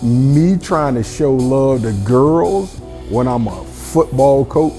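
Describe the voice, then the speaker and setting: A man guesting on a talk show speaks in an easygoing, reflective manner, often leaning on "you know." His voice sits at a medium pitch with a mellow, warm color. Faint music runs underneath. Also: animated, slow pace. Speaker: football coach, guest. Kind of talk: casual conversation.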